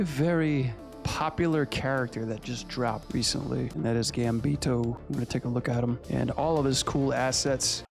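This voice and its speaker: Gravelly, excitable, profane male reviewer. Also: medium pitch. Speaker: animation reviewer, channel host. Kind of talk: casual review commentary.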